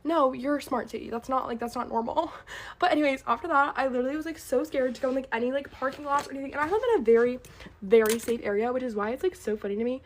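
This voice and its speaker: A woman's voice: high voice, fast talker, slight background noise. A young woman telling a personal story in a casual, rambling way, full of fillers and acted-out quotes. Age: young adult. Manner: rambling, filler-heavy, animated retelling.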